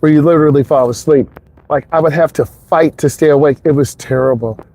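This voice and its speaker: This is a driving instructor talking casually and rambling while he drives on an expressway, his speech captured by a wireless clip-on mic into a phone. He speaks a little fast in a slightly high voice with a dark tone.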